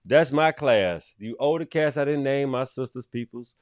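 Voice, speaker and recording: A middle-aged man from Columbus, Georgia, hosting his podcast with casual shout-outs, loose and profane, jumping into loud bursts and then trailing off. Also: medium pitch, moderate pace, dry recording, clean studio sound. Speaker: podcast host.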